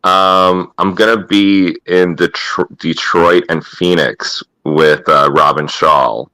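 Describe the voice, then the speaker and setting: A man calls in on video as a guest comedian. His voice is very low yet crisp and forceful, and it sounds dry and close. He rambles and cracks crude jokes. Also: steady tone, slow pace, no room sound, rough recording. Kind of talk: casual chat.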